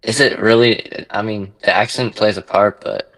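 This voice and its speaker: A man's voice: on the low side, fairly even intonation, moderate pace, fairly bright tone, poor audio. A man in a casual philosophical discussion who questions and reasons tentatively. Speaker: discussion participant.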